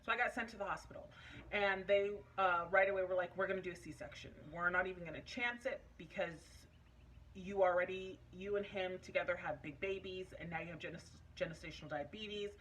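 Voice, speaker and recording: A woman's voice: fairly low pitch, a little fast, a bit bright, a little hiss or hum. A young adult woman vlogging casually, telling a personal story in a chatty, emotional way with many fillers.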